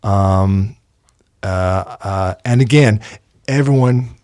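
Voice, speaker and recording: A man's voice: fairly low pitch, slow pace, a little mellow, dry recording, studio quality. A middle-aged American man hosting a casual spoken tribute, meandering through film memories with lots of ums and uhs and an enthusiastic, chatty tone. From United States. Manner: chatty, enthusiastic about films. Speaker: host.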